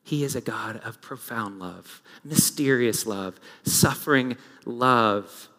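A middle-aged man preaching a sermon as pastor, moving between hushed reflective passages and rising, urgent exhortation. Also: mid-range voice, takes it slowly. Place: church sanctuary. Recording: long reverb of a large hall.

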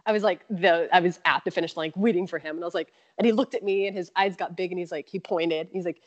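An animated woman with a fairly low voice recounts her race day as a podcast guest. She laughs often and slips into quoted voices. The audio is dull and lo-fi. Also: fast, dry recording. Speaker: marathon runner guest. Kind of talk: casual storytelling interview.

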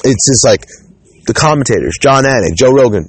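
A man's voice: medium pitch, expressive, fairly quick, husky, dry recording. A man hosting a solo podcast, talking casually and rambling, with frequent restarts and the odd swear word. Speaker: podcast host.

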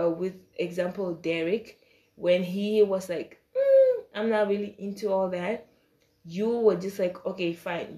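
Young woman telling an animated story. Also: roomy sound. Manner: animated, exasperated retelling with quoted dialogue; frequent fillers, trails off into soft low asides. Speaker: storytime vlogger. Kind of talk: casual storytelling.

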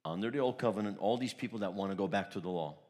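Preaching as pastor, a man with a fairly low voice races through his sermon, leaning hard into bold, emphatic declarations before dropping into quieter, confiding asides. His stories unfold in rolling, repetitive phrases.

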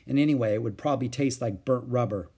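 A man voicing a tired, patient mother who speaks calmly and firmly. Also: mid-range voice, fast, slightly rough. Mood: weary. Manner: calm, weary and firm.

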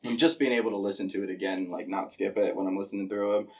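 A young man hosts a loose podcast chat, talking casually and swearing freely. His voice sits low. He sounds a little off-mic, as if set back from the microphone. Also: steady tone, quick pace, far from the mic. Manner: loose, swearing, says bro and dude a lot. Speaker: podcast host.

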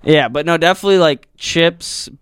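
A man's voice: a little high, moderate pace, fairly bright tone, smooth, no room sound, clean studio sound. A young man chatting casually as a podcast co-host, rambling and swearing, restarting his sentences. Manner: rambling, profane, restarts often. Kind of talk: casual chat.

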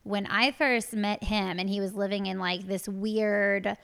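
A woman's voice: medium pitch, fairly even intonation, unhurried, creaky, fairly bright tone, smooth. A woman in her thirties co-hosting a podcast in casual chat, wry and profane, with a lot of "like" fillers. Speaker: podcast co-host.

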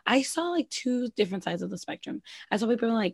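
A woman chatting casually about a reality TV episode, gossipy and quick, packing her talk with "like". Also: a little high, animated, gravelly, a little mellow, no echo, studio quality. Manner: quick, gossipy, filler-heavy with lots of "like". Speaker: podcast co-host. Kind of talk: casual reality TV recap chat.

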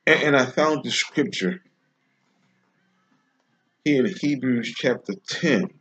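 A man delivering an informal devotional sermon, slow and emphatic, repeating phrases with long pauses. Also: medium pitch, lively intonation, a bit bright, dull audio, faint music behind. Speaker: preacher.

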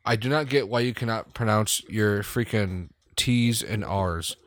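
A man from the United States co-hosting a crude casual podcast chat, profane and animated, laughing often. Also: on the low side, unhurried, dry recording. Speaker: podcast co-host.

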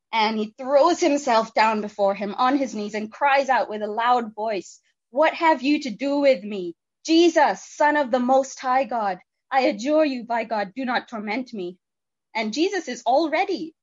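A woman preaching, retelling a scripture story with lively, expressive emphasis and frequent fillers. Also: mid-range voice, muffled recording. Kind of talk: sermon storytelling.

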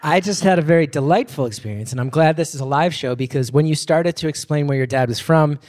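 A man's voice: fairly high pitch, fast talker, darkish tone, long reverb tail. An American man hosting a live phone-in show, playful and rambling, joking at his own expense. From United States. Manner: playful, rambling, self-mocking. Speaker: host.

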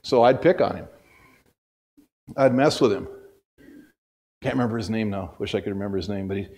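A man's voice: on the low side, fairly quick, darkish tone. A middle-aged male pastor giving a casual, storytelling sermon in a church, folksy and self-deprecating, often restarting his sentences. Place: church sanctuary.

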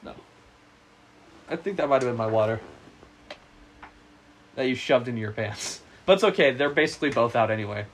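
A young man co-hosting a casual podcast, rambling and joking crudely, his voice a little rough from being sick. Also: medium pitch, expressive, fairly quick, pauses often, slight background noise. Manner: joking, rambling, laughs often. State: sick, husky voice. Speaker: podcast co-host.

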